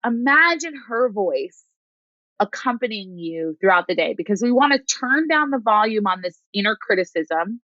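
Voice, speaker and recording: A woman hosting a podcast coaching session, speaking calmly and reflectively and often checking in with "right?". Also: mid-range voice, a little fast, few pauses, no echo, highs cut off. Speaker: host and coach.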